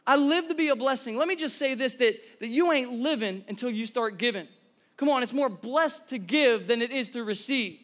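High-voiced energetic man preaching. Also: moderate pace. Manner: energetic, conversational, many restarts and audience questions. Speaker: pastor. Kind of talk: sermon. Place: church hall before a congregation.

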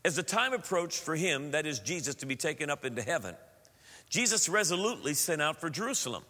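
A man preaching a sermon as pastor, animated with playful asides. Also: a little high. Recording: long hall reverb.

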